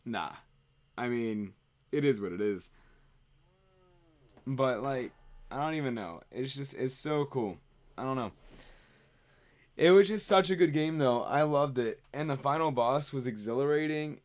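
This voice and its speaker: A man's voice: medium pitch, expressive, unhurried, long pauses. Rambling man chatting on stream. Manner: rambling, chatty, answers viewer questions. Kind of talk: casual livestream chat.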